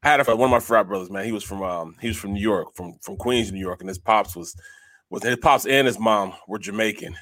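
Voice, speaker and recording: A man's voice: on the low side, fairly quick, a bit bright, no room sound. A man co-hosting a sports talk show, telling stories animatedly and laughing often into a studio microphone. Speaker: sports radio co-host.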